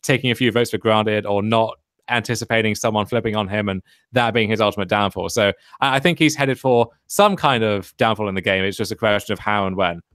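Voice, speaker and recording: A man's voice: fairly low pitch, fairly bright tone, dry recording, studio quality. A man on a video call as a guest panelist, talking emphatically with a teasing edge. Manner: quick, emphatic, a bit teasing. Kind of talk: casual panel discussion.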